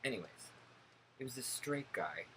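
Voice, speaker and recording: Young man, vlogger, sarcastic gossipy storyteller, medium pitch, noisy home recording. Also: big pitch swings, normal speed, pushed and bright. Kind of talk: casual vlog monologue.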